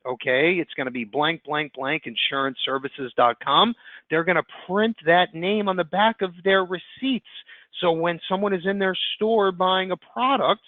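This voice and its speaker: A man giving an upbeat, fast sales pitch as presenter on a webinar call. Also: no echo. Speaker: insurance platform presenter. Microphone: conference call line. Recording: tinny phone-line audio.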